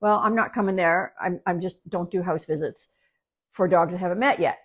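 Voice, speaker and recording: A woman's voice: on the low side, moderate pace, husky, phone-quality sound. A woman from Canada, a dog trainer, talking casually on a live stream at home, rambling with restarts and fillers. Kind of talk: casual livestream talk. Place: at home with her dog nearby.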